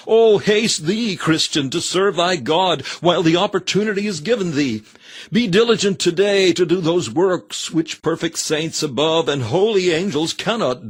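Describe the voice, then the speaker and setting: A man reading a sermon aloud in an earnest, exhorting manner with old-fashioned scriptural phrasing. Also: fairly high pitch. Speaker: reader of a sermon.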